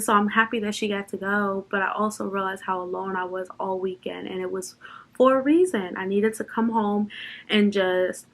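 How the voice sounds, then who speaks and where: A woman's voice: medium pitch, fairly bright tone. Emotional young woman vlogging. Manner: emotional, tearful at times, laughing. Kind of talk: unscripted personal vlog chat.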